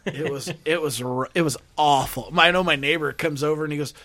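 A man hosting a podcast, telling stories in a casual chat and acting out other people's lines in a higher voice. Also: fairly quick, noisy background. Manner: animated, acts out quotes in a higher voice. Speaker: podcast host.

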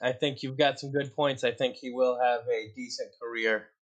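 A man's voice: medium pitch, fairly even intonation, normal speed, lo-fi sound. A man co-hosting a casual fantasy football podcast, joking around and steering the talk between segments. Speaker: podcast co-host. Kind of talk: casual chat.

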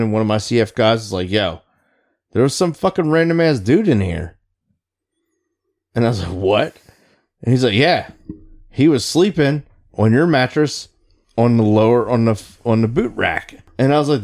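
A man with a somewhat low voice tells a rowdy story from his Navy days. He swears nearly every line and tells it with lively energy, casual and unfiltered. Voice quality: swears constantly, animated storytelling. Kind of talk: casual profane chat.

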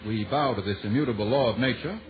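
Old radio announcer guy, polished and wry, mid pitch, muffled with faint music behind. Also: quick pace. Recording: dull 1940s radio recording with faint music.

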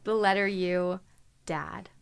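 A young woman in her twenties hosting a casual chat, telling animated stories with frequent giggles. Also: fairly low pitch, slow, gravelly, clear, resonant tone. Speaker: podcast host.

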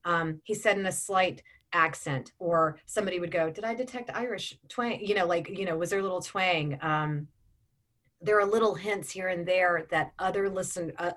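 A woman's voice: lowish voice, a bit bright. A woman in her forties, an audiobook narrator and voice actor, talking in a chatty interview with frequent ums and restarts. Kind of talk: casual interview chat.

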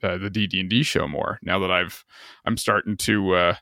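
Gravelly laid-back man. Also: low-pitched, normal speed, sharp tone, dry recording, studio quality. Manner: laid-back, hesitant, trailing off. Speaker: podcast host. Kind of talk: casual chat.

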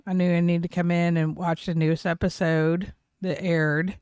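A woman's voice: fairly low pitch, level tone, normal speed, darkish tone, smooth, no echo, clean studio sound. A middle-aged woman co-hosting a podcast, telling a story in casual chat, swearing freely and laughing often. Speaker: podcast co-host.

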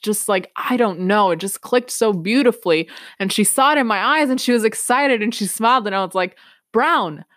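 A woman's voice: medium pitch, no echo, studio quality. A young woman hosting a podcast, telling a personal story in an earnest, reflective way and laughing now and then. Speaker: podcast host.

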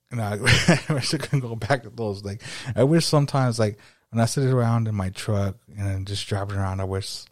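Low, mellow-voiced young man rambling. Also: dry recording, clean studio sound. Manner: rambling, laid-back, many fillers. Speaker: podcast host. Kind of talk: casual storytelling podcast.

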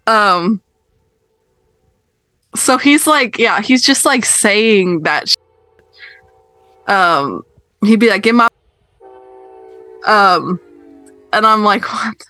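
A woman's voice: medium pitch, extremely slow, long pauses, no room sound, faint music behind. A young woman casually telling a story on a podcast, acting out the other people in it. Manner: animated, acts out other people's voices.

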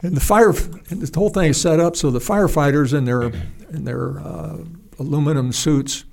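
An older man, a retired pilot, telling a story in a halting, rambling way with restarts and salty language. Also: on the high side, gravelly, darkish tone. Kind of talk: casual spoken storytelling.

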